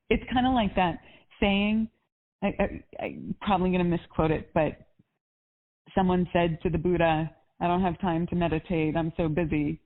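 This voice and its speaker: Upbeat woman coach over a phone line. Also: mid-range voice. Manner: upbeat, encouraging, spiritual. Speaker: life coach. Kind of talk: coaching call. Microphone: phone or call line. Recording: tinny phone-line audio.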